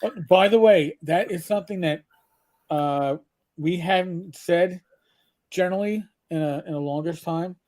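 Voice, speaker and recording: A man co-hosting a casual gaming talk stream, talking haltingly with many uhs. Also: high-pitched, darkish tone. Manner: hesitant, full of uhs and restarts. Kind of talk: casual chat.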